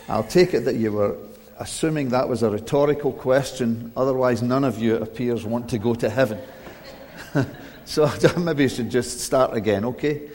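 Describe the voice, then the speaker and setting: A man's voice: medium pitch, normal speed, a little mellow. A middle-aged male pastor giving a conversational, self-deprecating sermon and reading scripture aloud in a church. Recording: long reverb of a church hall.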